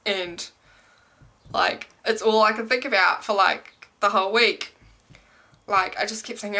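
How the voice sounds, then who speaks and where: Speaking unhurriedly with long pauses, this young pregnancy vlogger has a medium-pitched, steady voice with a bright, forceful tone. Her casual update to camera rambles, packed with "um"s and "like"s.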